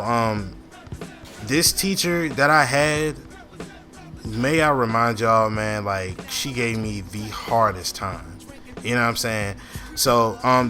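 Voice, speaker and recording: Young male vlogger, bright and forceful voice, relaxed slangy storytime delivery, faint music behind. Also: medium pitch. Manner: laid-back, slangy, full of fillers and restarts. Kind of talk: casual storytelling.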